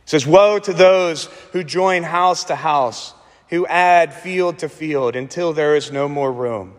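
A man preaching a sermon as pastor, slowing and repeating words for emphasis, with dramatic pauses. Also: a little high, in a large hall.

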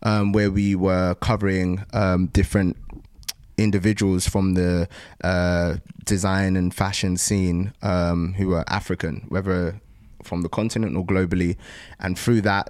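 Low-voiced man, thoughtful founder. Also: darkish tone, no room sound, studio quality. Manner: thoughtful, frequent um pauses and restarts. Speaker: startup founder. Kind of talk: casual interview conversation.

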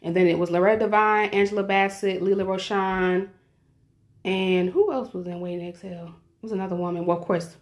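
A woman co-hosting a podcast in casual chat, playful and teasing, and quick to laugh. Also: medium pitch, steady tone. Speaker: podcast co-host.

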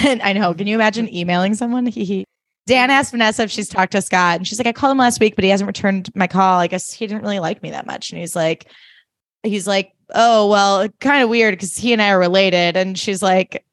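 A young woman co-hosting a podcast, candidly retelling TV scenes in quick, breezy bursts. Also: mid-range voice, no echo. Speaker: podcast co-host. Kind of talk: casual chat recapping a TV show.

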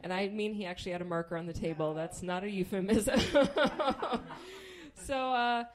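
A woman's voice: mid-range voice, moderate pace. Wry, profane woman comic. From Kansas. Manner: profane, wry, acts out quoted people in voices. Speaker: stand-up comedian. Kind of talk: stand-up storytelling.

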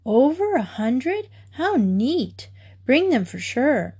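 Woman voicing a little girl, excitable, high-pitched, squealing, storybook. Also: normal speed. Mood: excited. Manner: squealy, giggly whispering.

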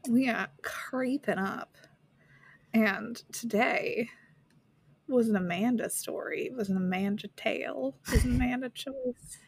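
A young woman co-hosting a podcast in casual chat, playful and teasing, with quick quips. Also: fairly high pitch, gravelly, slightly rough. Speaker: podcast co-host.

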